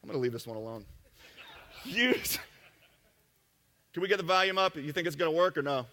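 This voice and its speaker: A man giving a live marketing seminar talk to an audience, joking and brash, tossing quick asides to the crowd. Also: fairly high pitch, lively intonation, pushed and bright, big-room sound. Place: event room with an audience.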